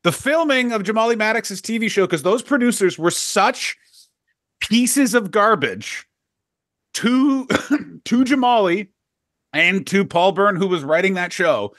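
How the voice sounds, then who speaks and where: A middle-aged man, a comedian co-hosting a podcast, telling profane, animated stories in casual chat. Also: sits high, unhurried, no echo, clean studio sound.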